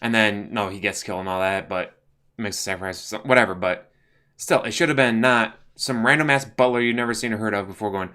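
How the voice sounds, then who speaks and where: This man's voice sits lowish and comes out a little fast, pushed and bright. As a channel host doing casual movie commentary, he goes on blunt, profane rants packed with "like" and other fillers.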